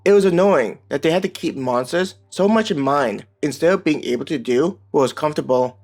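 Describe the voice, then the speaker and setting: Male audiobook narrator, slightly high, calm scripted reading. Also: fairly quick. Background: soft background music.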